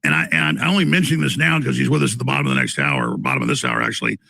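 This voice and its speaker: Male talk host, gravelly and bright, lively swooping delivery. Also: low-pitched, very fast, dry recording. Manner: animated, stammering restarts. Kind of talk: talk show debate.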